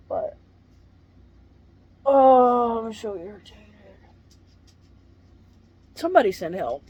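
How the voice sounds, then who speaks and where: A woman who is a retired paramedic, in pain and venting to camera with swearing and dark jokes. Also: on the high side. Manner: swearing, exasperated, darkly joking.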